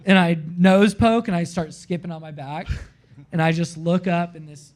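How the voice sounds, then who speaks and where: Casting note: man from Florida, somewhat higher voice, animated live-podcast storyteller, says "like" constantly. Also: normal speed. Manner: animated, heavy use of "like", acts out his own quotes. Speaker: podcast guest.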